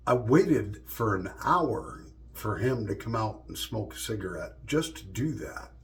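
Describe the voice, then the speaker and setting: A man's voice: lowish voice, very animated, unhurried. A middle-aged man vlogging and telling stories in a loose, profane, joking way. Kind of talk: casual storytelling monologue.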